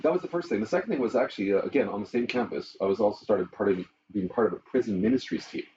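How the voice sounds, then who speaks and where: Man, middle-aged, pastor, lively storytelling, faint background noise, dull sound. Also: fairly low pitch, rapid-fire, distant mic. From Canada. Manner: animated storyteller, chuckles often. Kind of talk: interview conversation.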